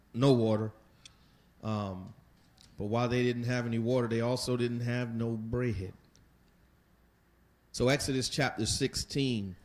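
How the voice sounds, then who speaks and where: A man's voice: medium pitch, a little mellow. A man leading a Bible study lesson, talking conversationally and putting rhetorical questions to his listeners. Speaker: Bible teacher.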